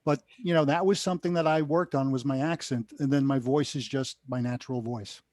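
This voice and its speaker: Queens guy with a new york accent, dry close sound, measured talk. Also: medium pitch, fairly even intonation, a little mellow, no room sound. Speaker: radio broadcaster and teacher. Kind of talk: panel discussion.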